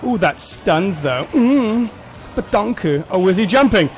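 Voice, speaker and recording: High-voiced excitable male gamer. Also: unhurried, slight background noise. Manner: excitable, shouts and laughs at the game. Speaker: gameplay commentator. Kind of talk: let's play commentary.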